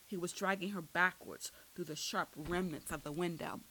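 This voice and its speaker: A woman narrating a first-person story aloud, dramatic and building to loud outbursts at tense moments. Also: lowish voice, moderate pace, hardly any pauses, poor audio. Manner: dramatic, rises sharply for shouted lines. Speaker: audiobook narrator. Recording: faint hiss.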